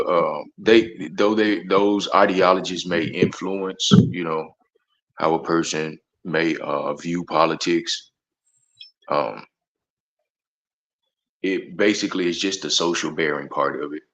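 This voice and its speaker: Very deep-voiced man, halting speech. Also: fairly even intonation, a bit bright, low-quality recording. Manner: halting, many fillers, measured. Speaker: caller. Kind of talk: casual chat.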